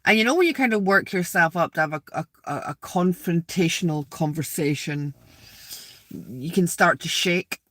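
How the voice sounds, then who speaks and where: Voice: mid-range voice, animated, normal speed, a bit bright, dry recording, studio quality. A spiritual vlogger sitting outdoors in a graveyard, rambling casually to viewers, repeating words and asking them questions.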